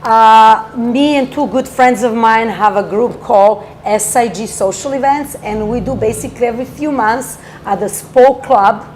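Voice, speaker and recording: A woman's voice: fairly high pitch, noisy background. A woman astrologer on a talk show giving rambling, earnest advice in loose, broken grammar. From from Toronto area. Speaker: astrologer guest. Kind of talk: casual talk show chat.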